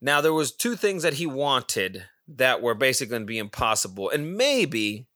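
A man hosting his own podcast, telling a long rambling story in a casual, profane, excitable way. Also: mid-range voice, moderate pace, no room sound, studio quality. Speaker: podcast host. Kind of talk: casual solo monologue.

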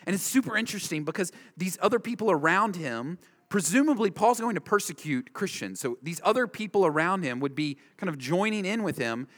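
A man's voice: high-pitched, animated, a little fast, a bit bright. A man preaching an expository sermon as a preacher, emphatic and driving home his points with repeated short phrases. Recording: long reverb of a large hall.

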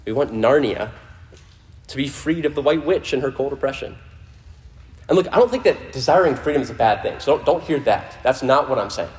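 A man preaching a sermon to a congregation in a conversational way, often restarting phrases and dropping his voice low for emphasis. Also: animated, brisk, darkish tone. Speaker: pastor. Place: church in front of a congregation.

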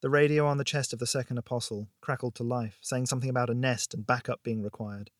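A man reading a tense story aloud with steady, expressive delivery at a mid pitch. The recording is dry and close, with no room echo at all. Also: fast. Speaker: narrator. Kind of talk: audiobook narration.

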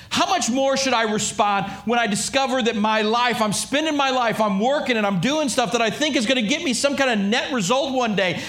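High-voiced animated male pastor. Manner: animated, acts out voices, repeats and restarts. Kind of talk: sermon.

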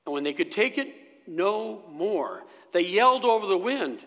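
Male pastor, slow dramatic sermon delivery, animated pitch, slightly high voice, reverberant church. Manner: slow, dramatic storytelling with sudden hushed drops. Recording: long echo of a church hall.

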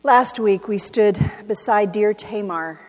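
A woman's voice: medium pitch, slow, in a large hall. A woman pastor delivering a reflective, earnest sermon to her congregation. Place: church sanctuary.

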